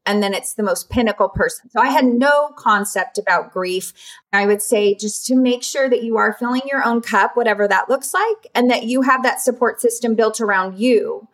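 A woman's voice: fairly high pitch, normal speed. A woman, candidly telling a personal story in a podcast conversation, using many fillers. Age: 40s. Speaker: podcast guest.

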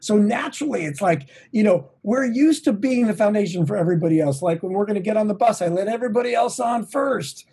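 A middle-aged man, a touring drummer, talking as an interview guest in an energetic, motivational way, swearing now and then. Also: high-pitched, quick pace, few pauses, breathy edge. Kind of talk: casual interview. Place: home, at a desk.

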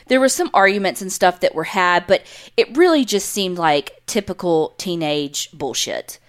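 A woman's voice: mid-range voice, lively intonation, unhurried, smooth. A woman in her thirties co-hosting a podcast, chatting casually and telling a true-crime story, swearing freely. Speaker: podcast co-host.

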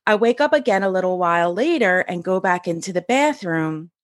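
A middle-aged woman from the US East Coast, a podcast guest telling a personal story in a sassy, high-strung, energetic way, acting out quoted lines with big pitch jumps. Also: fairly quick, dry recording, clean studio sound.

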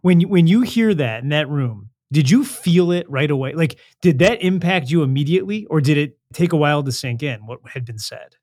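A woman's voice: low voice, expressive, a little fast, few pauses, no room sound, studio quality. A woman hosting a podcast, asking a guest questions and reacting openly, moved to tears at moments. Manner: warmly reactive, tearful at moments. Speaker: podcast host.

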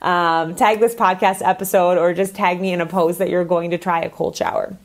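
A woman's voice: lowish voice, fairly even intonation, moderate pace. A woman hosting her own podcast, talking casually and candidly, with lots of "like" fillers. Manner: chatty, candid, says "like" a lot. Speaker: podcast host.

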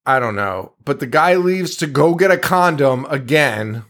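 A man's voice: medium pitch, animated, a little slow, a bit bright. A man co-hosting a podcast, recapping a movie in casual, profane, exasperated rants. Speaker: podcast co-host.

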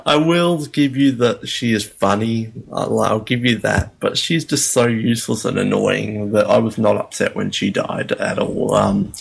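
A man co-hosting a film podcast in casual chat, halting with fillers and dry jabs. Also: lowish voice, creaky, breathy edge. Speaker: podcast co-host.

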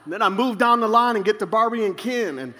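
High bright-voiced preacher guy, jokey storytelling sermon, lots of hall reverb. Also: quick pace, a faint crowd. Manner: humorous storytelling, animated. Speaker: pastor.

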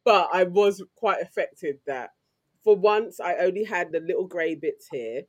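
A woman with a London accent, co-hosting a podcast and telling stories in a lively, slangy way. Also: fairly low pitch, measured pace. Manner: animated, slangy storytelling. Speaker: podcast co-host. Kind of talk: casual chat.

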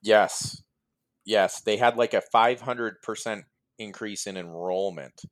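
A man hosting a casual podcast chat, animated and laughing often as he tells stories. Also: on the low side, slow pace. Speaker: podcast host.

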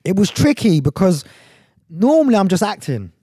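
A man's voice: high voice, sing-song, moderate pace, dark tone, slightly rough, no echo, clean studio sound. A man talking as a guest in a casual interview, reflective and earnest, often restarting his sentences. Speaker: guest actor and director.

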